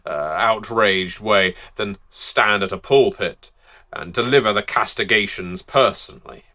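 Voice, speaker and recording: Guy narrating game lore like a gentleman, slow and wry, bright forceful voice. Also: fairly low pitch. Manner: measured, wry, theatrical. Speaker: host of tabletop game lore videos.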